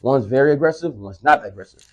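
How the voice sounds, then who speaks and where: A man in his thirties talks in a quick, rambling rush, doubling back over his words and swearing freely. His voice is husky, and the chat is loose and casual. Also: medium pitch, lively intonation, a little mellow, poor audio. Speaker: podcast co-host.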